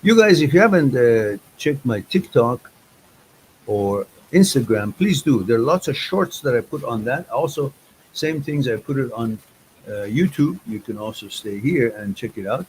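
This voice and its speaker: A man's voice: medium pitch, expressive, moderate pace, a little mellow, a little hiss or hum, low-quality recording. A man hosting a live chat stream, talking in a loose, rambling and informal way with hesitant restarts.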